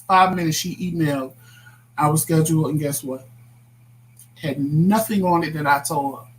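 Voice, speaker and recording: A man's voice: on the high side, moderate pace, rough recording. A man co-hosting a casual talk show with his wife, telling a personal story in a frank, conversational way. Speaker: co-host of a couple's talk show. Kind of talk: casual chat.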